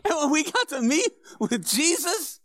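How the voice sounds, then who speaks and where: A man performing a first-person church monologue as the apostle Peter, an earnest middle-aged fisherman, telling the story in a hushed, sorrowful tone that swells into fervent preaching. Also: very high-pitched, very animated, a little slow, dry recording, heavily acted. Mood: excited. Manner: storytelling, swinging from hushed whispers to fervent shouts.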